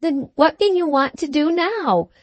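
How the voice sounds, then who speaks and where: A woman voicing a timid, fussy old lady with a shrill, trembling voice in a storybook reading. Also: expressive, unhurried, no echo. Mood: alarmed.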